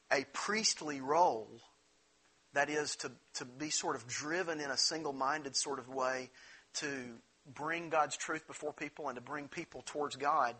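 Man, pastor, sermon, earnest, conversational, restarts phrases, bright voice. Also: medium pitch, husky.

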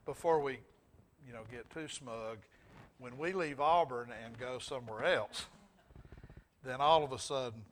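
A man's voice: medium pitch, fairly bright tone, a little hiss or hum. A middle-aged man with a Southern US accent teaching a Bible class, asking the group questions and chuckling as he goes. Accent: Southern US, Alabama. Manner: asks the group questions, chuckles, restarts often.

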